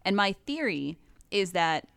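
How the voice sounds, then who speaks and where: A woman co-hosting a casual podcast, breaking down game lore in an animated, profane way. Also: mid-range voice, gravelly, clear, resonant tone, no echo. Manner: animated, profane, quick asides. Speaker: podcast co-host.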